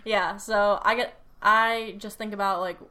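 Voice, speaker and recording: Female trainer co-host, relaxed casual chat, bright tone. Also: medium pitch, measured pace.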